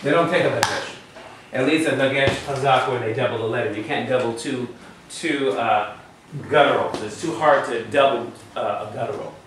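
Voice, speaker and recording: A man's voice: mid-range voice, moderate pace, noisy background. Man teaching a class in a roomy hall. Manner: patient, asks the class questions. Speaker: Hebrew teacher. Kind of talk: classroom lecture. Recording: echoey room from far off.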